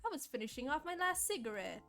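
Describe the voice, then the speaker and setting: A woman's voice: high voice, very animated, quick pace, fairly bright tone, soft background music, pitched above the performer's own voice, full character voice. A woman doing a drawling Southern cop. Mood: folksy. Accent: put-on American Southern. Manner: easygoing, drawling, folksy. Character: friendly male night-patrol police officer. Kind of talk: streamer voicing game dialogue.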